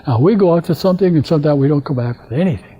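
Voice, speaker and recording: An older man from Alaska tells stories in a lecture, his voice husky and very mellow, pitched a little high for a man. He talks haltingly, restarts often, and slips into the voices of people he quotes. The recording is dull and lo-fi. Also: lively intonation. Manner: halting, rambling, acts out quoted dialogue. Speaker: guest lecturer. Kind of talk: anecdotal storytelling lecture. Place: lecture hall.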